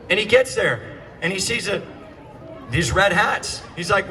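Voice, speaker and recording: A man giving an impassioned speech to a crowd outdoors, fiery and sarcastic, often shouting through a megaphone. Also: high voice, unhurried, pauses often. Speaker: rally speaker. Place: outdoors at a street protest.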